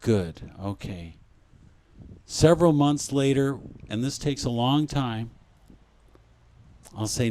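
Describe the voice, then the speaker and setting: A man giving a spiritual talk at a conference in an unhurried, gentle way. He is reflective and circles back over his own phrases. His voice sits at a middling pitch. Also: expressive. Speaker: conference speaker.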